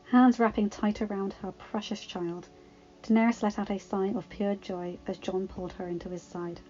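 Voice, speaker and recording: A woman reading fan fiction aloud in a calm, even storytelling voice. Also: medium pitch, moderate pace, lo-fi sound. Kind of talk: storybook narration.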